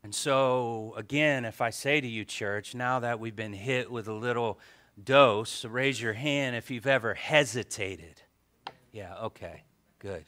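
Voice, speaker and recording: A male pastor preaching a sermon, telling a story with animated swings between soft asides and loud exclamations. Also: mid-range voice, unhurried.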